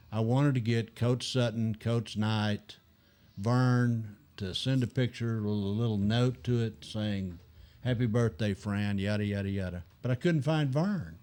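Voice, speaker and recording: An older man telling animated anecdotes as a guest in a casual chat, acting out other people's lines. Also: mid-range voice.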